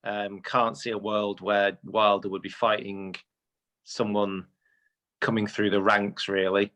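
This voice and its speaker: A British man co-hosting a casual podcast chat, talking in quick bursts with stammering repeats. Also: lowish voice, flat delivery, a bit bright. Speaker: podcast co-host.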